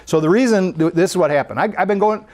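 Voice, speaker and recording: At a spiritual center, a speaker tells a story during a sermon in an animated, conversational style. The voice is medium in pitch and the pace is fast.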